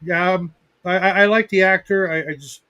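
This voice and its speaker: A man in a casual chat, talking haltingly with many pauses and restarts. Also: high-pitched, bright, forceful tone, no room sound, dull audio.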